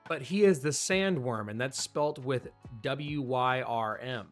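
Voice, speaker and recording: An enthusiastic man talks through a comic chapter in a loose, chatty way, sometimes stumbling and restarting a phrase. His voice sits at an ordinary middle pitch. Soft guitar music plays quietly behind him. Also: slow. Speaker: manga review host. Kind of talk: casual commentary.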